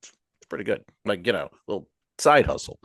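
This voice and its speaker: A man's voice: fairly low pitch, sing-song, a little fast, fairly bright tone, no echo, clean studio sound. A man voicing a stubborn middle-aged male cigar hustler who insists he does nothing wrong. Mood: casual.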